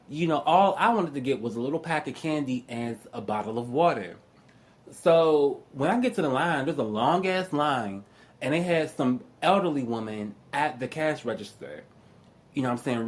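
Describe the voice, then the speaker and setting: A young man telling stories in a casual, profane rant, often laughing and mimicking other people's voices. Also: on the high side. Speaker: astrology YouTuber.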